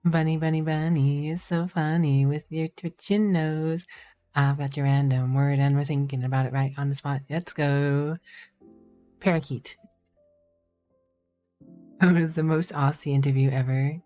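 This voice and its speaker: A woman streamer chatting casually, softly reading chat and reacting to videos. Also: sits low, steady tone, unhurried, soft background music.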